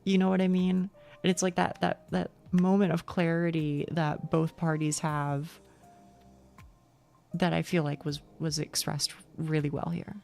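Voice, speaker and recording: A young woman live-streaming, rambling through her thoughts with restarts and casual swearing. Her voice sits low and carries a steady gravelly fry, with faint music playing underneath. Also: a little slow.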